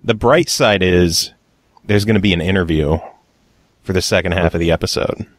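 A man hosting a casual podcast, relaxed and joking, with plenty of offhand swearing. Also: low-pitched, normal speed, dry recording, clean studio sound. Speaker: podcast host.

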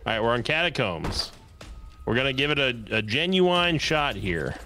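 A man's voice: medium pitch, very animated, moderate pace, music in the background. A man chatting while co-playing a video game on stream, giving dry, cautious short replies. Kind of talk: casual gaming chat.

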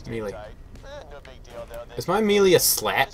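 A man's voice: mid-range voice, very animated, measured pace, a bit bright. A man talking casually to viewers as he plays a shooter game, chatty and self-mocking, with the odd swear. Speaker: game player. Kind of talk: solo gameplay commentary.

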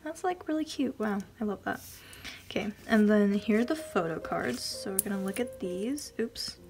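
A woman vlogger chatting casually as she unboxes a package, gushing and giggling, often dropping into soft whispers. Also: mid-range voice, animated, moderate pace.

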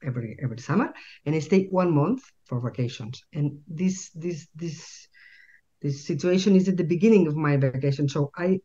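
A woman with a Spanish accent tells a story as an interview guest, stumbling and repeating words as she hunts for the English. Her delivery is animated, and the recording sounds a little dull and lo-fi. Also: sits low, moderate pace. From Spain.

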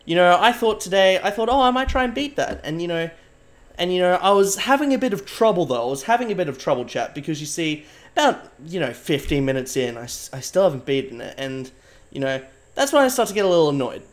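Young man, streamer, rambling mock-serious chat with viewers, slightly higher voice. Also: very animated, quick pace. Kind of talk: casual live-stream chat.

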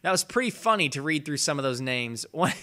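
A young man with a hoarse voice from a cold, rambling and swearing casually through his video game commentary. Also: on the high side, lively intonation, brisk, bright, forceful tone. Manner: rambling, profane, laughs at himself. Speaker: let's play host.

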